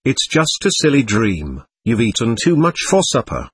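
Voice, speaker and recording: A man voicing a worried young father who speaks quietly and reassuringly to his son in a storybook reading. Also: medium pitch, wildly swooping pitch, normal speed, breathy edge, no room sound, exaggerated voice.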